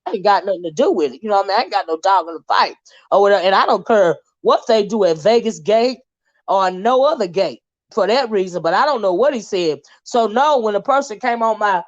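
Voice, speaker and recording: A woman's voice: mid-range voice, muffled recording. A woman hosting a casual gossip livestream, chatty and drawling. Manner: chatty, drawling, calls viewers child and honey. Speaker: livestream host.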